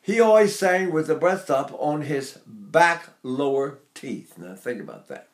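A man's voice: a little high, lively intonation, a little slow. An older man teaching singing, talking in a rambling, anecdotal way and breaking off to demonstrate sounds. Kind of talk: spoken singing lesson.

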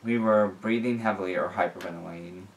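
A man reading a fan fiction story aloud in a plain, unhurried way. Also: deep voice. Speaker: reader.

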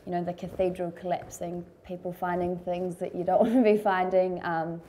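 A woman's voice: fairly low pitch, flat delivery, moderate pace, mellow. A woman from Christchurch with a New Zealand accent, recalling events casually and earnestly. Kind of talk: documentary interview recollection.

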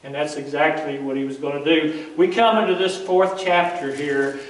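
A man's voice: fairly high pitch, steady tone, moderate pace. A man preaching a sermon, retelling scripture in a folksy, conversational way with asides to the congregation. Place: church sanctuary. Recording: echoey church sanctuary, mic at a distance.

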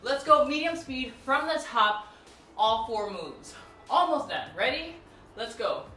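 A woman's voice: fairly high pitch, animated, measured pace, pushed and bright, slight background noise. A woman teaching a martial arts routine on video, counting moves and chatting with viewers between drills. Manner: counts out moves and cues students; chatty, laughs and jokes with viewers. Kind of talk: instructional tutorial. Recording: echoey room, mic at a distance, faint music.

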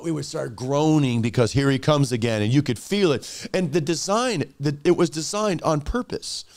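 Male pastor, lively sermon teller, clear dry voice. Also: medium pitch, no echo. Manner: animated storytelling with restarts.

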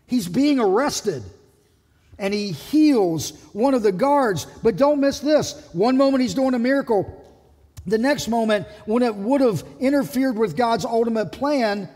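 A man preaching a sermon as pastor, animated and acting out the people he quotes. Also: very high-pitched, slightly rough, long reverb tail. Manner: animated, acts out quoted voices. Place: church sanctuary.

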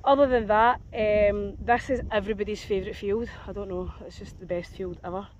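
A woman's voice: mid-range voice, steady tone, a little fast, a little mellow, lo-fi sound, slight background noise. A Scottish woman chatting playfully on a casual vlog while walking dogs outdoors in a grassy field, talking to the dogs as she films on a handheld phone. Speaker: dog walker.

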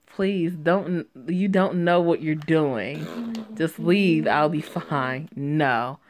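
A woman reading a story game aloud and reacting to it in a sassy, profane way that is quick to laugh. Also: low voice.

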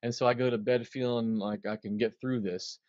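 A man's voice: mid-range voice, fairly quick, dry recording, dull audio. A man, a drummer, telling a story in an interview and acting out the quotes. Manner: animated storyteller, acts out quotes.

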